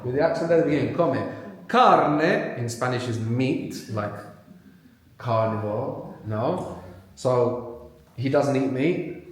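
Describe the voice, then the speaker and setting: A man's voice: medium pitch, expressive, takes it slowly. Man teaching in a very echoey hall. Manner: patient, questioning, prompts learners step by step. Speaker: language teacher. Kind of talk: live language workshop teaching. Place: large live venue with audience.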